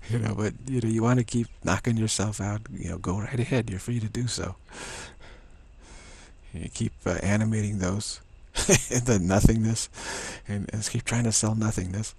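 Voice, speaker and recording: A man's voice: fairly low pitch, steady tone, moderate pace, creaky, a little mellow, breathy edge. A man giving a playful, rambling spiritual teaching, laughing often as he talks.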